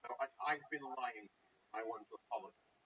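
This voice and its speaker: A man's voice: medium pitch, fairly quick, crowd noise. A man with a Yorkshire accent, a guest joking dryly about himself in casual chat. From Yorkshire, England. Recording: dull, distant sound with faint noise.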